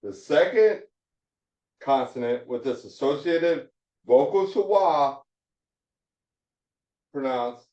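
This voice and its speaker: A man teaching a Hebrew phonics lesson, slowly repeating and drilling each syllable. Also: mid-range voice, a little mellow. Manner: slow, repetitive drilling of syllables. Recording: roomy, distant, dull lo-fi sound.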